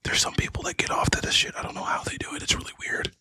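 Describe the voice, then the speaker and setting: A man's voice: quick pace, close to an everyday voice. A man in a whispered role-play, mocking an ASMR whisperer with a crude, sarcastic whisper.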